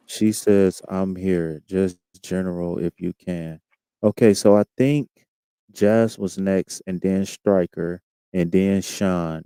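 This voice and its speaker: A man's voice: lowish voice, mellow, clear, resonant tone, dry recording. A man hosting a live tarot stream, chatting casually in a laid-back, slangy way and reading out viewers' comments.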